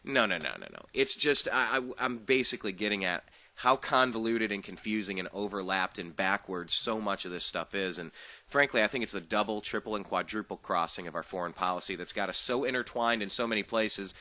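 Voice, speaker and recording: A young man hosts a political talk show, animated and opinionated, cracking jokes as he goes. His voice is bright and forceful, sitting a bit low. The sound is dry and close. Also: brisk, no echo. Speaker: host.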